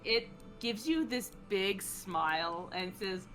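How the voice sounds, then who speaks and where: A woman game master narrating a tabletop game in a relaxed, giggly way with lots of fillers. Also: medium pitch, slow pace, few pauses.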